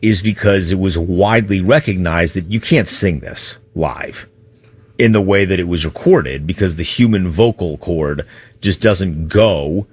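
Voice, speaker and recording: Deep husky-voiced man chatting on sports radio. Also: a little slow, dry recording. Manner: rambling, conversational storytelling. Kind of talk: casual radio chat.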